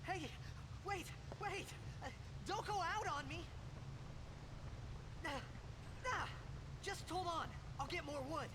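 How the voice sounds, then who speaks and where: A man's voice: very high voice, slow, pauses often, pushed and bright, full character voice. An actor playing a young male video game hero who pleads in a hesitant, anxious way. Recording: noisy game audio.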